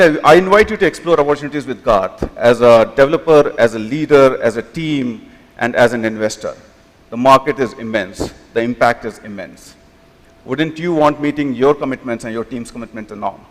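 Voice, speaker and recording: A man's voice: medium pitch, moderate pace. A man closing his conference presentation, with slightly non-native phrasing. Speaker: conference speaker. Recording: long hall reverb.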